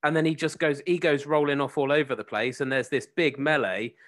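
A man co-hosting who retells a match in casual chat, excited and rambling. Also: fairly high pitch, fairly quick.

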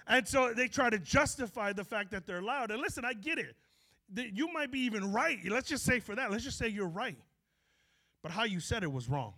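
A man preaching a sermon in a lively, joking way full of slang. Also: high-pitched. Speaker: pastor.

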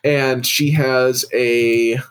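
A man's voice: medium pitch, fairly even intonation, drawn-out words, smooth. A man co-hosting a casual chat, chiming in with dry, joking remarks. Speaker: podcast co-host.

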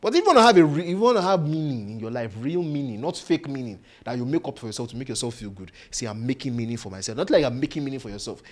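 A man's voice: medium pitch, racing, few pauses. A man preaching a sermon, playfully mimicking doubters and putting questions to his listeners. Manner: animated, mimics doubters in playful voices, asks the audience questions.

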